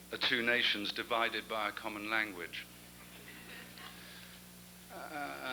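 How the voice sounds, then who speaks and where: A man's voice: lowish voice, sharp tone, slight background noise, low-quality recording. An older man with an English accent giving a genial, anecdotal after-dinner speech as the guest speaker.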